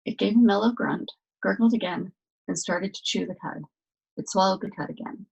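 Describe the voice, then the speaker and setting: Gravelly, husky woman reading aloud. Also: mid-range voice, a little fast, low-quality recording. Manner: steady expressive narration. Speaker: storyteller.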